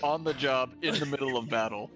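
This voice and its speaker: A man's voice: mid-range voice, very fast, creaky. A man playing a tabletop game, joking with friends. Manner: joking, animated. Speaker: player. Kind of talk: casual game chat. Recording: music behind.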